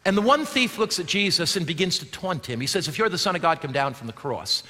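A man preaching with a high, bright, ringing voice that carries through a big reverberant hall. He moves from loud, emphatic declarations down to hushed, quiet lines, pressing every point like a pastor working his congregation. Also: expressive, fast. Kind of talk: sermon.

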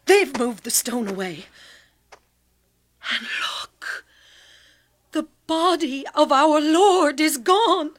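A woman's voice: sits high, expressive, slow, pauses often. A woman playing a grieving young woman disciple in a radio drama, tearful and breathless. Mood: distraught.

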